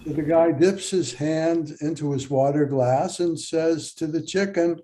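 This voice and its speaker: An older man, a doctor and guest, telling a long joke in a casual chat with measured storytelling. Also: a little high, warm tone.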